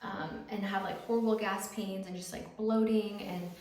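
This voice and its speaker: A woman's voice: medium pitch, steady tone, normal speed, darkish tone. A woman in her thirties talking casually while getting ready, with a chatty way of speaking full of fillers. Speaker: YouTuber. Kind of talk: casual get-ready-with-me chat. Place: home. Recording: roomy echo, faint background noise.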